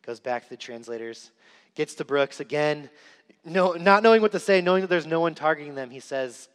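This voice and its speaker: A young man delivers an earnest sermon, repeating key lines for weight. His voice is fairly high for a man. A long hall reverb trails every phrase. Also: fairly quick, clear, resonant tone. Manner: earnest storytelling with emphatic repetition. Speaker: preacher. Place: church sanctuary.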